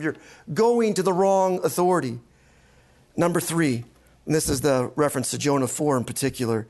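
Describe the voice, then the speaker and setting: High-voiced man teaching with emphasis. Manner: emphatic, repeats key points, asks "right?". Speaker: pastor and counseling instructor. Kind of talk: teaching lecture.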